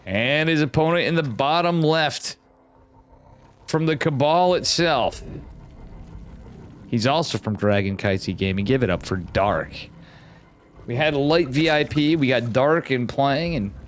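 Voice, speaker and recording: A man's voice: medium pitch, measured pace, long pauses. A man casting an esports match, chatting casually with a rambling, joking manner and frequent swearing. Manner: rambling, jokey, swears freely. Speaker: esports caster.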